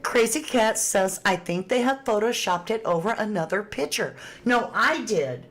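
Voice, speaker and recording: A woman's voice: mid-range voice, lively intonation, normal speed, a bit bright. A woman hosting a casual livestream, chatting and reading viewer comments aloud with frequent laughs. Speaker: true crime livestream host.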